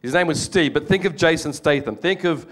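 Older Australian man, slightly high voice, animated storytelling sermon with humor. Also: a little fast. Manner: animated storytelling with jokes, acts out quoted voices. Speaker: preacher.

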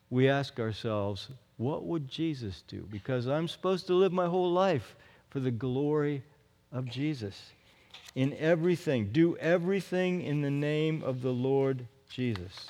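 A man's voice: mid-range voice, darkish tone. A male pastor preaching a sermon in an earnest, emphatic way, often repeating his phrases. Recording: long reverb of a large hall.

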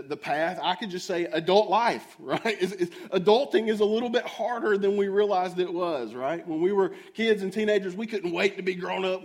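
Storytelling man preaching a sermon. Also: high-pitched. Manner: storytelling, self-mocking, addresses the audience directly.

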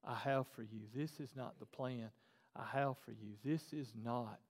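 A man voicing a weary, stern God, speaking slowly and insisting. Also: medium pitch. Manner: slow, measured, repetitive insistence. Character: weary, stern male God, fed up with disobedience. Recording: long reverb in a large hall.

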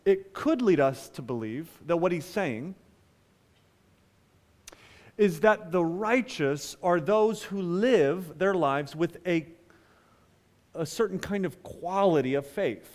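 A man preaching a sermon as pastor, swinging between loud emphatic lines and hushed asides. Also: high voice, expressive, takes it slowly, long pauses, big-room sound.

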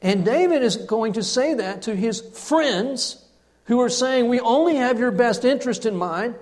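A pastor with a very high-pitched voice preaches unhurriedly, recounting a personal story in his sermon. He delivers it with animation, falling to a hush for emphasis.

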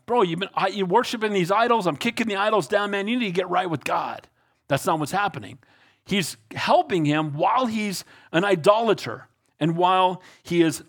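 A pastor delivers an emphatic sermon in a high, bright-edged voice. He talks to his congregation in a casual way and often checks in with "amen?" and "right?" from the pulpit. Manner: emphatic preaching with frequent calls of amen and right. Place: church sanctuary before a congregation.

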